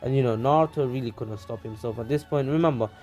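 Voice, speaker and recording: Rambling man with a dark, mellow voice. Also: medium pitch, fast talker, muffled recording, faint music behind. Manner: rambling, full of fillers. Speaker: storyteller. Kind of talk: casual fan story narration.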